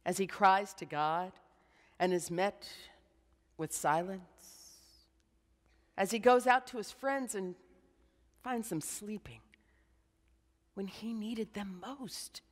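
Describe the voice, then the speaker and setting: Slow, hushed woman preaching in a reverberant church. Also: mid-range voice. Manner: slow, dramatic guided meditation with hushed drops. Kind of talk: sermon.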